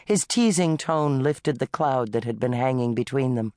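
A woman's voice: extremely low pitch, moderate pace, warm tone, dry recording. Woman narrating an audiobook, dry studio sound.

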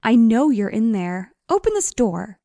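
A woman's voice: a little high, big pitch swings, measured pace, dark tone, no room sound, clean studio sound. A woman voicing a bossy, determined young woman friend in an audiobook, insistent and commanding.

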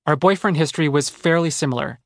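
A man's voice: a little high, quick pace, dry recording. Wry man narrating his memoir. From New Jersey. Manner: wry, conversational storytelling. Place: dry recording booth. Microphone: close studio mic.

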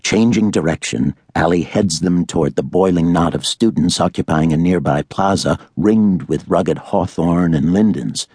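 A man narrating a thriller audiobook in a measured, dramatic way. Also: low voice, a little mellow, slightly rough, no echo, studio quality.

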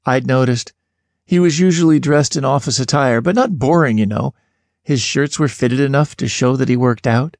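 A man reads an audiobook in a first-person voice, expressive and lively, jumping up in pitch whenever he asks a question. His voice sits in the middle range, and the close studio sound is dry and direct. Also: moderate pace, vocal fry, dry recording. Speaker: audiobook narrator. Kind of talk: scripted first-person narration.

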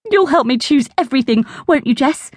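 A woman voicing a romantic, excitable middle-aged aunt in a children's storybook, with a dreamy, gushing manner. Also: high-pitched, brisk, no echo, pitched above the performer's own voice.

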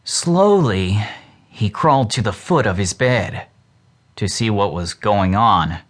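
A man narrating a children's book as an audiobook in a slow, measured reading. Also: lowish voice. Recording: loud steady hiss.

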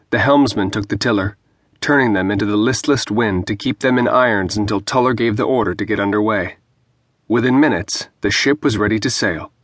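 A man narrating a fantasy novel in a measured, even storytelling manner on a close studio mic. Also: fairly low pitch, no room sound. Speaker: audiobook narrator. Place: dry recording booth.

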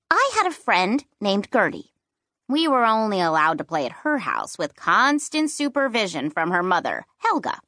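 A woman narrating a children's fantasy book in first person, with playful and expressive storytelling. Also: fairly high pitch, dry recording, clean studio sound. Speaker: audiobook narrator.

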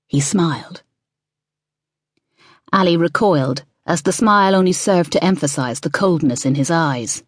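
Expressive female audiobook narrator; lower voice, dry studio sound. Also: moderate pace, dry recording. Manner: expressive storytelling. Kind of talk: scripted narration.

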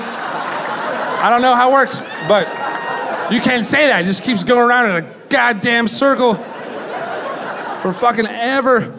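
Young male stand-up comic, high voice, rambling and profane, live club recording with a rowdy crowd behind him. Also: unhurried, long pauses, background noise. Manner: rambling, profane, laughing at his own jokes. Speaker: stand-up comedian. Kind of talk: stand-up comedy set. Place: comedy club stage. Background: audience laughter and chatter.

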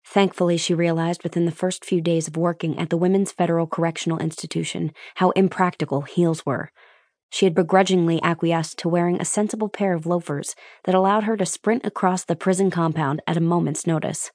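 Reading suspense fiction aloud, a woman narrates in a lowish voice at an even, measured pace. She's miked closely in a totally dry space, so there's no room sound whatsoever.

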